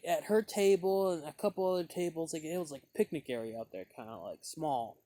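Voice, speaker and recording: Rambling man with a mellow voice. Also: fairly high pitch, dry recording. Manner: meandering, heavy on fillers and restarts. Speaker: pipe tobacco reviewer. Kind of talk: casual rambling storytelling.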